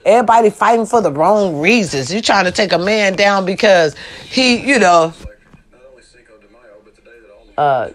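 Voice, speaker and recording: A woman's voice: mid-range voice, expressive, a little slow, long pauses. A woman hosting her own vlog, talking bluntly and emphatically in a casual, slangy, preachy way as she hands out advice. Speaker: vlog host. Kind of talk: casual direct-to-camera advice talk.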